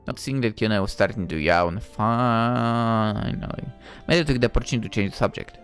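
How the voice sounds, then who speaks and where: A woman's voice: rumbling low, animated, moderate pace, faint music behind. A woman reading a story game aloud, narrating and throwing in sarcastic, swearing asides. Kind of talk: game playthrough narration and commentary.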